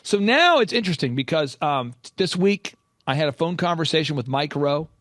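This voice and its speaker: A man's voice: fairly high pitch, expressive, a little fast, a bit bright, dry recording. Man, middle-aged, business coach host, emphatic, storytelling, dry sound. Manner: emphatic, storytelling, repeats key phrases. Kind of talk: energetic coaching monologue. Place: office with installations going on.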